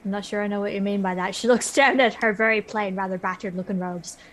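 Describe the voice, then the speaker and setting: A man voicing an excitable, cheerful young woman adventurer in a tabletop game. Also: high voice, fast, pitched above the performer's own voice. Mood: eager.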